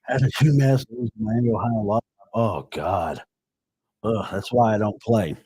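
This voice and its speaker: A man hosting a live sports podcast, hoarse and rambling as he greets viewers in the chat by name. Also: on the low side, unhurried, mellow, no echo. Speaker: podcast host.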